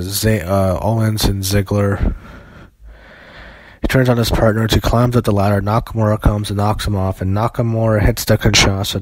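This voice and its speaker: A man's voice: lowish voice, no room sound. A young man reviewing a wrestling show in an opinionated, rambling, foul-mouthed way, often restarting his sentences. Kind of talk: casual solo review.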